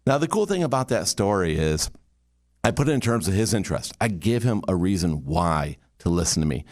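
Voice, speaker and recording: A man from Michigan giving a motivational talk on communication, telling a story and coaching in a lively, punchy way. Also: deep voice, a little fast. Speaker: communication speaker.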